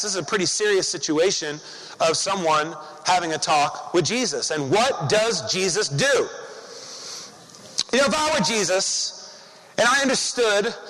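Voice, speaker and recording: High-voiced male pastor in a reverberant hall. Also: expressive, normal speed, sharp tone. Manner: conversational, rhetorical questions to the congregation. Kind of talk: sermon.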